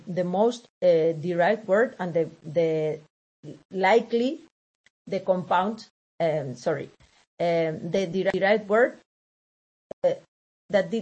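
Slow, hesitant woman lecturing. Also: fairly low pitch, darkish tone. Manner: hesitant, many fillers and self-corrections. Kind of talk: recorded lecture over slides.

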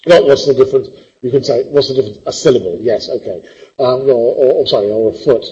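A man lectures his class on poetry with a husky, rough-edged voice. He is animated and teasing, full of sarcastic asides. The recording is dull and lo-fi. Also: medium pitch, fast. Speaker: literature lecturer.

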